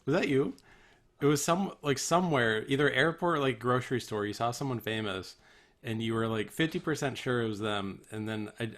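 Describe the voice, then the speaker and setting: Mid-pitched man asking hesitant questions. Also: brisk, fairly bright tone. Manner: hesitant, trailing off, laughing questions. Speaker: podcast co-host. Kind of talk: casual chat.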